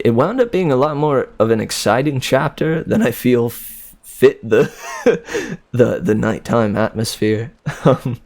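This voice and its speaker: Slow, gravelly-voiced man chatting on stream. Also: medium pitch, darkish tone. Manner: easygoing, laughs often, repeats words. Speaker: streamer reading a novel aloud. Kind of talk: casual chat with live chat.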